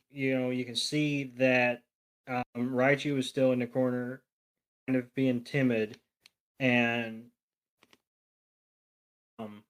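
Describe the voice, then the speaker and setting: A man co-hosts a podcast in casual chat. He rambles as he retells a story, filling pauses with "you know" and "um". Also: medium pitch.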